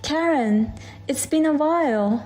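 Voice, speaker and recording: A woman's voice: high-pitched, measured pace, darkish tone, soft background music, pitched above the performer's own voice. A woman voicing a cheerful, oblivious older mother-in-law who chirps in a sing-song way. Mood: cheery.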